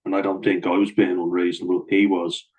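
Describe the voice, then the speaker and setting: A man's voice: deep voice, flat delivery, a little fast, a little mellow, poor audio. An Irish man telling a story straight to camera, blunt and venting, with heavy swearing. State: wearing a blood-pressure cuff. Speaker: vlogger.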